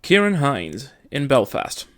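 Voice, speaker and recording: On his own film review channel, a man works through a scripted review, sounding upbeat, steady and explanatory. He has a mid-range voice and speaks slowly.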